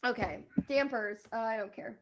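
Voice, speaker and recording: A woman chats casually on a streamed podcast about her travels, her voice sitting on the high side. She talks loosely and scatters "like" and "um" through her sentences. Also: normal speed. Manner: chatty, fillers like "like" and "um". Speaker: podcast co-host sharing travel stories. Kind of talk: casual chat. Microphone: streamed podcast mic.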